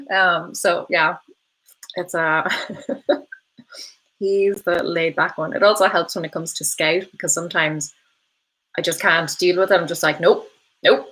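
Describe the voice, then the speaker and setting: A woman in her thirties hosts a live stream and talks through viewer comments in a loose, chatty way. Her voice sits a little low for a woman. She fills her pauses with ums and laughs easily. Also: fairly even intonation, fairly bright tone, low-quality recording. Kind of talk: casual live-stream chat.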